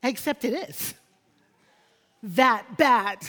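Woman preaching a fiery sermon, high voice, keeps asking for amens, long echo like a church hall. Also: animated, very slow, a bit bright. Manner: emphatic, repeats phrases for effect, calls for amens.

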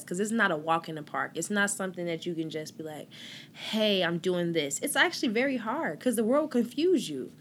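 A woman hosting a podcast, telling her faith story in a casual, animated way, acting out quoted conversations and moving between near-whispers and loud exclamations. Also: medium pitch, a little hiss or hum. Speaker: podcast host.

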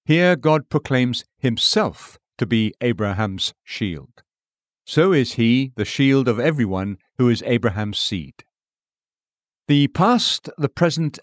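A man giving a scripted devotional reading, measured, slowing and lifting his voice for quoted scripture. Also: medium pitch, dry recording, clean studio sound. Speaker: devotional reader.

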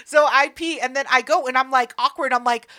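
A young woman telling a story in casual chat, animated and profane, acting out voices. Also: sits high, fairly quick.

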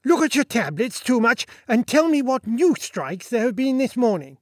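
A man's voice: extremely high pitch, very animated, normal speed, no echo, clean studio sound, voice pushed up, full character voice. A man voicing a pompous, boastful little Sultan in a story reading, talking in a bossy, self-satisfied way. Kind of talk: audiobook character voice.

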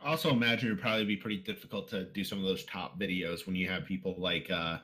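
A man's voice: deep voice, quick pace. A man hosting a casual podcast interview, reading out listener questions and teasing his guest. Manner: relaxed, reads out listener questions and teases. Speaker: podcast host.

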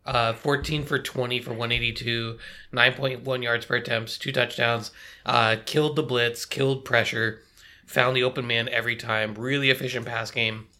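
Man, sharp bright voice, sports podcast co-host, analytical, reads stats. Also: mid-range voice, little pitch movement. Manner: quick and analytical, reading stats.

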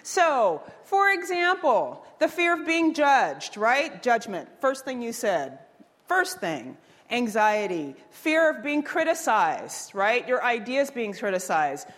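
A woman giving an energetic workshop talk, quizzing the audience and preaching her ideas. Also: a little high, long reverb tail. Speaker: workshop speaker.

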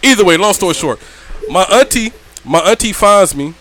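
A young man spins profane, laughing stories on a casual podcast. His voice swings widely in pitch and sits a bit high. He keeps checking in with his listeners as he goes. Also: normal speed. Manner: animated, laughing, profane, slangy, lots of "right?". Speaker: podcast host telling stories. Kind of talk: casual storytelling chat. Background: friends talking in the background.

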